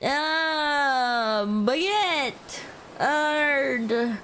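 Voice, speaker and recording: A woman streamer in a casual chat livestream, playful and giggly, laughing often and trailing off with drawn-out fillers. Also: high voice, expressive, fairly bright tone, a little hiss or hum. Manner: drawn-out, hesitant with many fillers.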